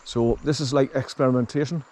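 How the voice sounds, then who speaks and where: A man vlogging outdoors in a forest, with the camera on his chest harness, explaining things in a halting, rambling way and coaxing his dog along. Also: medium pitch, steady tone, darkish tone. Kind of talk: casual walking vlog.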